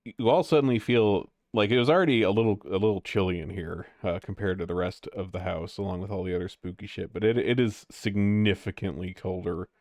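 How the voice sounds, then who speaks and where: A man's voice: low-pitched, fairly quick, a little mellow, no room sound, studio quality. A man narrating as game master of a tabletop game, rambling with lots of fillers.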